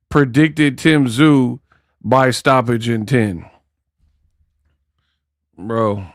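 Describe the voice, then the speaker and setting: A man's voice: mid-range voice, fairly bright tone, no echo, clean studio sound. A man hosting casual boxing commentary, trash-talking and joking. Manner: trash-talking, joking, breaks into song and mock accents.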